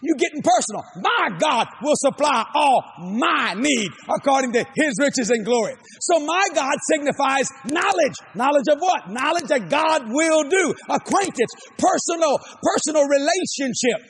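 An older man with a Cajun accent preaching a sermon, emphatic and repetitive, often shouting his lines. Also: extremely high pitch, expressive, normal speed, hardly any pauses.

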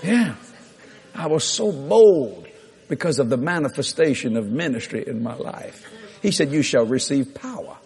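A middle-aged man, preaching a sermon through lively, laughing anecdotes with sudden jumps in pitch. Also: moderate pace, creaky. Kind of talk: storytelling sermon.

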